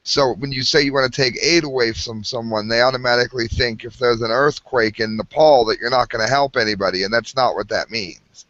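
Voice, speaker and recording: A man's voice: mid-range voice, a little fast, few pauses, a bit bright, no room sound. Joking male co-host, dry lo-fi sound. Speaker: show co-host. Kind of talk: casual talk-show chat.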